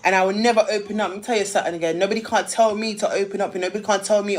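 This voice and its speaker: A woman's voice: medium pitch, fairly even intonation, racing, few pauses. Ranting woman on a livestream. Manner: emphatic, repetitive, ranting. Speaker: live streamer. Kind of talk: heated live-stream rant.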